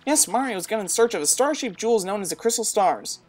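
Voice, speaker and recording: Vecchia strega tartaruga servile, fatta da una donna, voce alzata e leziosa, toni molto variabili. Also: female voice, expressive, a little fast, a little mellow, faint music behind, close to an everyday voice. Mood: simpering. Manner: simpering, overly polite, pitched up. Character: fussy old female turtle witch servant.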